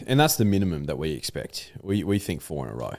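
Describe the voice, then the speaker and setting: Here is an Australian man with a very low voice, bantering with his co-host. He is wry and quick to laugh, and the talk stays casual. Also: very animated, a little mellow. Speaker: podcast co-host. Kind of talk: casual racing chat.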